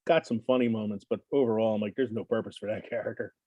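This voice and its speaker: A man's voice: fairly low pitch, quick pace, no echo, highs cut off. A middle-aged man co-hosting a podcast, chatting casually and telling jokes with lots of laughter. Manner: animated joke-telling, laughs often. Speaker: podcast co-host. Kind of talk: casual chat.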